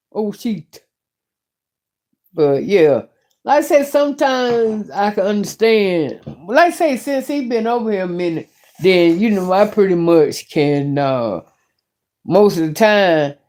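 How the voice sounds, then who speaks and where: Her voice is mid-range and warm as she, a middle-aged woman with her own YouTube commentary channel, rants loosely to camera. She's blunt, swears freely, and wanders from point to point.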